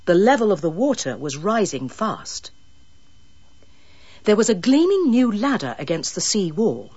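Woman narrator, husky, dull-sounding recording, dramatic read. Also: medium pitch, sing-song, unhurried, darkish tone, dry recording. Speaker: audiobook narrator. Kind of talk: scripted narration.

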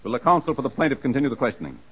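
A man playing a stern judge who gives formal, measured warnings to the courtroom, in 1940s radio drama style. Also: medium pitch, very animated, breathy edge. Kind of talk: 1940s radio comedy acting. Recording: muffled old radio broadcast.

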